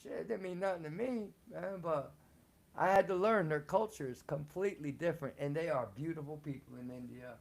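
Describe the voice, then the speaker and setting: A man's voice: a little high, a little fast, vocal fry. A man casually telling personal stories, slangy and profane, laughing often. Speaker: storyteller on a live show. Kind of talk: casual storytelling.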